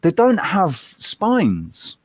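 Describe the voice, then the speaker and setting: A man's voice: sits high, extremely slow, no echo. Guy hosting a live chat, rambly, swears, does little voices, dry close mic. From Western Australia. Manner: animated storyteller, acts out voices, swears. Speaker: channel host in live group chat.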